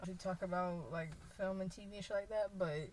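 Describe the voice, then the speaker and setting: A young woman co-hosting a podcast, chatting casually and animatedly, swearing freely and acting out quotes in a loud voice. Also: lowish voice, fairly even intonation, fairly quick, a little hiss or hum, rough recording. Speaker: podcast co-host. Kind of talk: casual chat.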